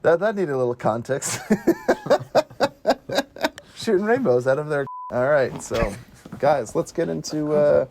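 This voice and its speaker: A man's voice: fairly high pitch, huge pitch swings, slow pace, long pauses, a little mellow, a little hiss or hum. A man co-hosting a movie podcast in casual chat, making dry, teasing quips. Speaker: podcast co-host.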